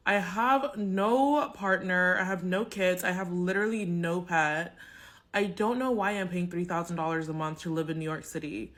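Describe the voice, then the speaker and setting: Lower-voiced woman chatting to her phone, sassy and upbeat. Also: a bit bright. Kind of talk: casual vlog to camera.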